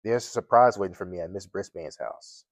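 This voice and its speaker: A man's voice: low voice, brisk. A man reading a children's book aloud as a guest reader, plainly, with occasional slips and restarts.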